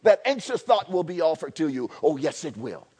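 A high-voiced man preaches to a congregation in a church service, pulling them into call-and-response. He drops to a hushed, low delivery and then climbs back up to ringing shouts. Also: sing-song, normal speed, breathy edge. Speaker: pastor. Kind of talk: sermon.

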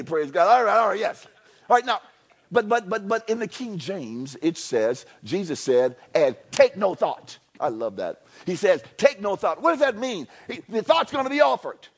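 A high-voiced man preaches to a congregation in a church service, pulling them into call-and-response. He drops to a hushed, low delivery and then climbs back up to ringing shouts. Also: animated, moderate pace, slightly rough. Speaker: pastor. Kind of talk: sermon.

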